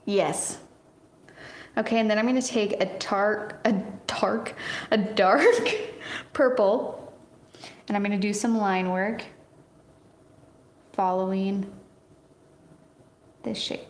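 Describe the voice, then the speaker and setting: A woman in her thirties chatting warmly through a painting lesson, encouraging and quick to laugh. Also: medium pitch, steady tone, echoey room. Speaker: art teacher. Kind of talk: casual painting tutorial.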